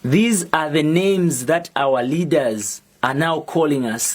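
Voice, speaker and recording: A young Zambian man, a musician and activist with a Zambian accent, makes a measured yet defiant public statement. His pitch is fairly high and his tone on the dark side.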